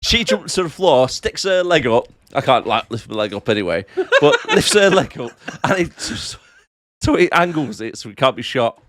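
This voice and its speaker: A man's voice: mid-range voice, big pitch swings, normal speed, a bit bright, no room sound. A man co-hosting a film podcast, laid-back and sarcastic while recapping scenes. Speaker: podcast co-host. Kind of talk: casual film review chat. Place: home office.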